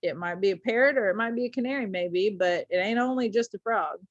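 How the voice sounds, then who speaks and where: A woman's voice: medium pitch, lively intonation, a little fast, no room sound, lightly acted. A sly, boastful frontier gambler talks in a drawling folksy way, as a woman reads him aloud from a storybook. The sound is dry and a little muffled, with no room around it.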